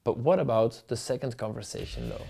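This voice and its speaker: A man's voice: medium pitch, brisk, gravelly, dark tone. A man hosting a show, reading viewers' dating chats aloud and commenting with wry, teasing humor. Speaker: host rating viewers' dating texts. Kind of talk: playful commentary reading chat messages aloud.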